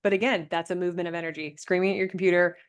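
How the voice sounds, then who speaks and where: A woman coaching a group over a video call, reflective and gentle, often restarting her sentences. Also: lowish voice, fairly even intonation, rapid-fire, clean tone. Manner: gentle, reflective, thinks aloud with many restarts. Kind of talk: live online coaching session.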